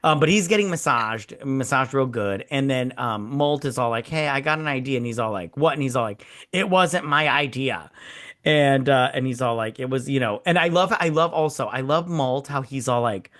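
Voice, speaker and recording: A man's voice: medium pitch, normal speed, a bit bright. A man hosting a casual movie-review podcast, animatedly retelling scenes, acting out characters' lines, laughing often and joking crudely. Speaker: podcast host.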